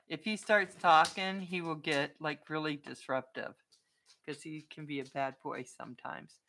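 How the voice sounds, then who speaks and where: A woman vlogger chats casually on a live stream, playful and talkative, laughing easily and turning aside to scold or coax her dog. Her voice sits low and moves at an unhurried pace, with a bright, forward edge to it. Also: steady tone. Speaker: vlogger chatting with viewers.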